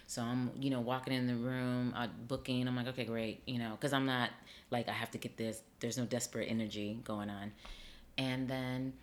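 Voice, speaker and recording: A middle-aged woman, an actor and acting teacher, chatting in an interview and telling her story with lively acted-out dialogue. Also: a bass voice, moderate pace, a little hiss or hum. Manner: animated storyteller, acts out quoted dialogue. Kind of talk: casual interview chat.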